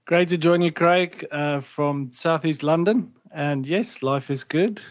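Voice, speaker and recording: A man's voice: a little high, takes it slowly, no room sound, studio quality. A South African man in his thirties, whose first language is Afrikaans, chatting easily as a podcast guest. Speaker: national director, guest. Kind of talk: casual interview chat.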